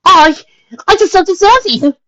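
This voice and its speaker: Woman doing a fancy dramatic pony lady, high and huffy, muffled audio. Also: animated, unhurried, a bit bright, heavily acted. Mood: flustered. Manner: theatrical, indignant, high-strung. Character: dramatic refined white unicorn mare. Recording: dull lo-fi recording.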